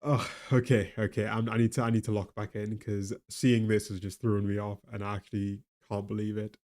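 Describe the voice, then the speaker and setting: On a live stream, a weary man with a light Geordie accent laughs his way through a rambling chat about the economy, turning now and then to his viewers and a pet. He speaks fairly quickly in a lowish, darkish voice with little pitch movement.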